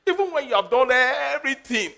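A man preaching a sermon as a pastor, animated, laughing and acting out quotes. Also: very high voice, brisk, gravelly.

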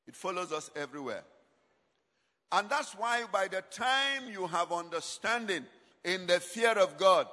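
A man with a high, pushed, bright voice preaches to a congregation, inviting them to finish his lines. His loudness rises and falls dramatically, and the recording carries a long hall reverb.

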